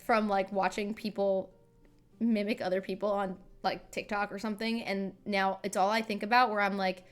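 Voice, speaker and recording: A woman's voice: medium pitch, little pitch movement, moderate pace, faint music behind. A woman hosting a livestream, chatting casually and reading comments, rambling and self-mocking with lots of fillers. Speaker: livestream host.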